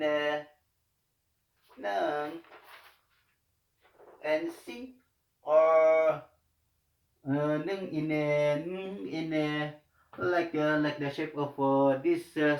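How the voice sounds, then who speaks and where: A man teaching a language lesson in a slow, halting way, with many fillers and repeated words. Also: fairly high pitch, darkish tone. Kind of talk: slow hesitant tutorial explanation. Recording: echoey room.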